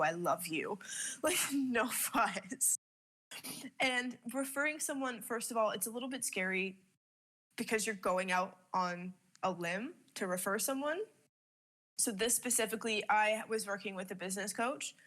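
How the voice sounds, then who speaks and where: A woman's voice: mid-range voice, a bit bright. A young woman from Canada chatting casually about her business, candid, swearing freely and laughing often. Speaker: business owner sharing advice. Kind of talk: casual chat.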